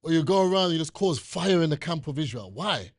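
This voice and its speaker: British elder preaching, lively rising and falling delivery, dry close sound. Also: male voice, a little high, fast, no echo. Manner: animated, emphatic scripture reading. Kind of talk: sermon.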